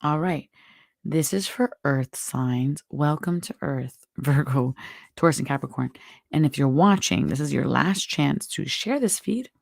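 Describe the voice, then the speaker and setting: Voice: mid-range voice, expressive, unhurried, gravelly, dry recording. A tarot reader hosting a live stream, giving chatty, encouraging spiritual advice with a strained, worn-out throat. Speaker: tarot reader and show host.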